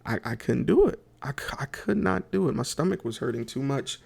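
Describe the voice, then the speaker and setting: A podcast host tells a comic story, his medium-pitched voice animated and brisk, gravelly yet a little mellow, with a slightly rough edge. He rambles chattily, full of fillers and restarts, talking straight to his listeners.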